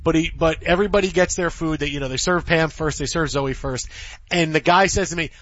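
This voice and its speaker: A man in his fifties hosting a sports radio show, telling stories in a rambling, animated way with many restarts. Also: a little high, brisk, dry recording, muffled recording. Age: 50s. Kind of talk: casual sports radio chat. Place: radio studio.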